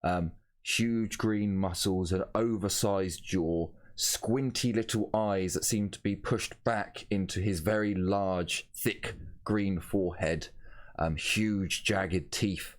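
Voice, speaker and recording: A man narrating as game master of a tabletop game, casual and halting, often stopping to correct himself. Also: low voice. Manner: casual, halting, with frequent ums and self-corrections.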